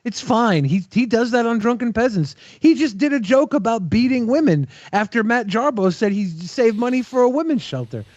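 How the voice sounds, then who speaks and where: A man's voice: very high-pitched, expressive, moderate pace, hardly any pauses, a little mellow, no echo, highs cut off. A man co-hosting a podcast, chatting casually and making crude, provocative jokes. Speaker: podcast co-host.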